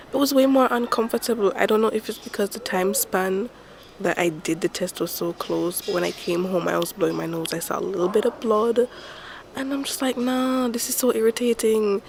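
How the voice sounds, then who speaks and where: A young woman recording a casual video diary at home while sick, her voice stuffy and raspy, talking frankly and with exasperation. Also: lowish voice, a little hiss or hum. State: stuffy, hoarse from illness. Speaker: vlogger. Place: at home by a window.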